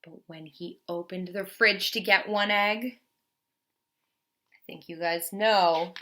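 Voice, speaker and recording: Bright slow-reading young woman teacher. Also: medium pitch. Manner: slow, expressive, asks children questions. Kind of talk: children's story read-aloud.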